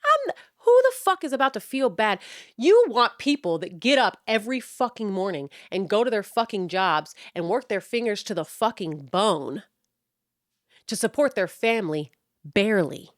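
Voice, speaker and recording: A woman's voice: mid-range voice, big pitch swings, normal speed, no room sound, clean studio sound. A woman in her thirties hosting her own show, ranting bluntly and profanely with a mocking edge. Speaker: podcast host. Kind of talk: ranting monologue.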